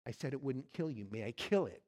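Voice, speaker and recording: A man voicing a massive burning angel, calm and relentless, who repeats himself in a low, quiet, insistent voice. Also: brisk, big-room sound, close to an everyday voice. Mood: stern.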